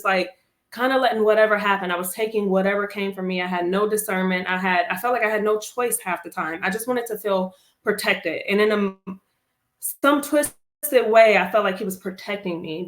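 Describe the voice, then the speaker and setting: A woman's voice: mid-range voice, fairly bright tone, reverberant. A woman, an army veteran and interview guest, telling her personal story candidly and expressively, acting out her own past words.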